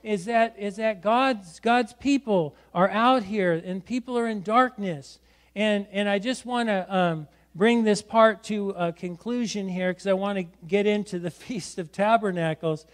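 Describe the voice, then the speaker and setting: A man's voice: high-pitched, unhurried. A middle-aged man, a pastor preaching a sermon in church, exhorting and often adding "right?". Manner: exhorting, repeats words and adds "right?". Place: church sanctuary.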